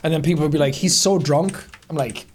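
A man's voice: a little high, fairly quick, darkish tone, slight background noise. A young man co-hosting a podcast in casual chat, joking and laughing a lot. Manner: laughing, jokey, slips into silly voices. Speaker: podcast co-host.

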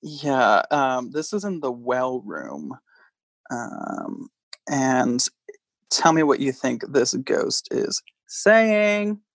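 A man's voice: mid-range voice, very animated, drawn-out words, gravelly, no echo. A man hosting a podcast, casually chatting and playfully quizzing his guest. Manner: playful, quizzing a guest with multiple-choice options. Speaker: podcast host. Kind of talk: casual chat.

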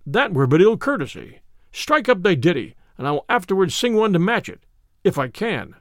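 A hearty, boastful outlaw, as a male reader plays him in a storybook tale, full of old courtly turns of phrase. His voice sits high and swings lively up and down. The sound is close and dry. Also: normal speed, no room sound, full character voice. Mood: courteous. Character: hearty bold outlaw man, jovial and boastful. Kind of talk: storybook character voice.

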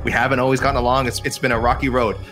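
A man putting on the voice of an earnest British male fighter, speaking haltingly and repeating his words. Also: mid-range voice, little pitch movement, a bit bright, faint music behind, lightly acted.

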